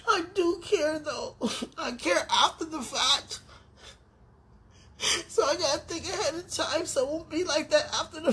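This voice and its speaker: A tearful woman in an emotional spoken prayer, pleading in halting, repeated phrases. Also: high-pitched.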